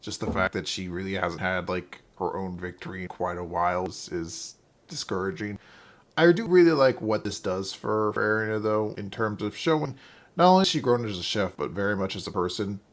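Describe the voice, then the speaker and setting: A man's voice: fairly low pitch, a little fast. A man co-hosting a podcast in casual chat, talking things through thoughtfully and often repeating words as he thinks. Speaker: podcast co-host.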